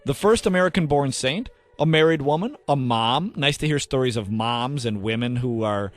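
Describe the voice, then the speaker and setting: A man's voice: medium pitch, animated, normal speed. A man hosting a radio comedy show, teasing and sarcastic in sketch banter. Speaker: radio host.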